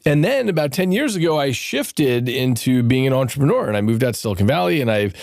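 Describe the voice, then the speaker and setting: A man hosting an interview, asking friendly, measured questions in a conversational way. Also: medium pitch, very animated, a little mellow, no room sound, studio quality. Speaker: podcast host, former professor turned entrepreneur.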